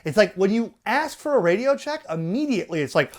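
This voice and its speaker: Man, ham radio host, ranting, profane, exasperated, very lively pitch. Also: brisk, hardly any pauses, a little hiss or hum. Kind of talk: ranting commentary.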